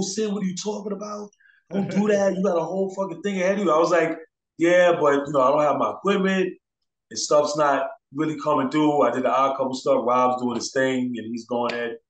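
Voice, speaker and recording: Man, DJ guest, casual storytelling, acts out quotes, mid pitch, roomy echo. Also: a bit bright. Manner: laid-back, acts out quoted voices. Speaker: DJ and turntablist guest.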